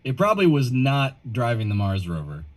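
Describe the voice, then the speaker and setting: A man's voice: medium pitch, wildly swooping pitch, a little fast. A man hosting a casual video call in a wry, playful way.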